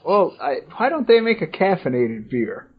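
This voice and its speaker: A man's voice: sits high, big pitch swings, moderate pace, breathy edge. A man co-hosting a casual wrestling podcast, joking with his friends. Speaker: podcast co-host. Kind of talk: casual chat. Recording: dull lo-fi podcast audio.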